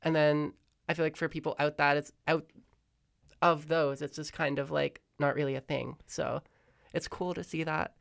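A young woman from Canada with a Canadian accent, hosting a casual podcast chat with a relaxed, chatty manner. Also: deep voice, normal speed, creaky. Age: young adult. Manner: chatty, relaxed, many fillers. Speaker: host.

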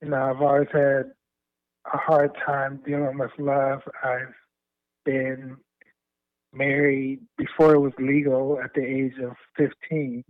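A man, a spoken word poet, answering interview questions in a slow, earnest, reflective way. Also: medium pitch, flat delivery, dry recording. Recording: tinny phone line.

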